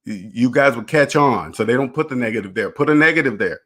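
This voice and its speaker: A man's voice: medium pitch, expressive, fast talker, a bit bright. A man hosting his own personal finance channel, talking straight to the camera in a blunt, preachy way, firing rhetorical questions, swearing casually and laughing briefly. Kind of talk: casual direct-to-camera monologue.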